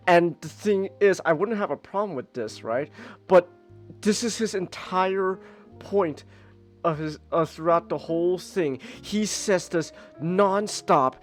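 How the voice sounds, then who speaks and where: A man hosting a casual podcast, ranting in an animated, exasperated way with mocking asides. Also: high-pitched, a little slow, soft background music. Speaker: podcast host. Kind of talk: casual chat. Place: home streaming setup.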